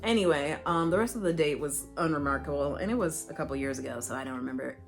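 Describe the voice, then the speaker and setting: A young woman with a slightly low voice tells a rambling story in a casual, animated way, full of fillers and playful asides to her viewers. Faint music plays softly behind her. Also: fast, gravelly. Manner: chatty rambling with many fillers. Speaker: beauty vlogger. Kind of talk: casual storytelling while doing makeup. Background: faint background music.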